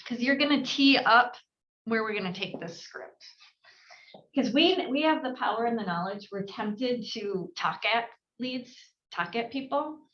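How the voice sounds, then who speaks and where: Woman sales trainer, higher register, lively coaching delivery, dull lo-fi sound. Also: a little slow, a little hiss or hum. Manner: energetic, acts out client dialogue with shifted inflection. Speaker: real estate sales coach. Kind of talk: team training talk.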